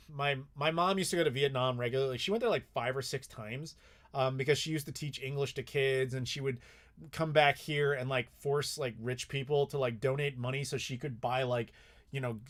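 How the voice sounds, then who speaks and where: A man hosting a live Q&A, telling stories in a blunt, profane, animated way. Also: on the high side. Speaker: host answering live chat questions. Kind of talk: casual live Q&A chat.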